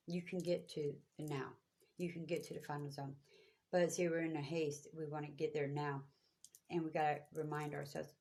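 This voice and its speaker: A woman's voice: low-pitched, creaky, darkish tone. A woman giving spiritual guidance to viewers, talking in a preachy, repetitive, emphatic way. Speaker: spiritual reader.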